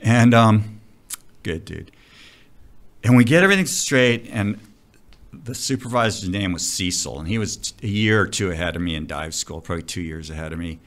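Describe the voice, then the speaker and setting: A middle-aged man, a commercial diving instructor, telling stories in a casual interview, animated and profane. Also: low-pitched, moderate pace. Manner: animated, profane, vivid storyteller.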